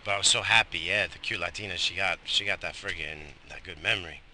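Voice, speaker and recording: A man's voice: low-pitched, quick pace, pushed and bright, a little hiss or hum. A middle-aged man, tired and coughing, rambling profanely in a casual morning vlog. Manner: profane, rambling, loose and chatty. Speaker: vlogger.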